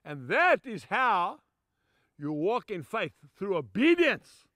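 An older man preaching a sermon, emphatic, swinging from shouts down to soft, low asides and calling his listeners "folks". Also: sing-song, slow pace, dry recording, studio quality.

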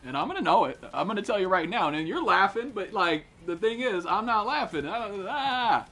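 A young man streaming a shooter game, cursing and trash-talking with friends in excited, loud outbursts. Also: sits high, a little fast. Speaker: gaming streamer. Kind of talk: live gameplay commentary with friends.

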